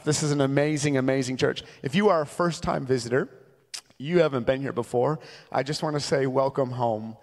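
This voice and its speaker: A little fast and a little mellow, his mid-range voice carries through a large church hall with long reverb. The speaker is a Minnesotan man in his thirties, a traveling evangelist preaching with funny, conversational storytelling.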